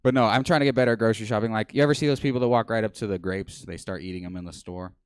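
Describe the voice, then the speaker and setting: A man in his twenties doing a deadpan, self-mocking stand-up set on a small comedy stage. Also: on the low side, racing, clean tone, dry recording, clean studio sound. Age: 20s.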